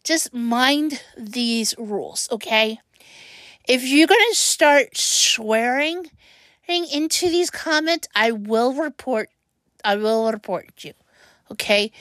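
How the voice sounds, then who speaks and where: Slow-talking upset woman podcaster. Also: on the high side, fairly bright tone, no echo. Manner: rambling and emotional, stumbling over words. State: upset, close to tears. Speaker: podcast host. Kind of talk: personal monologue podcast.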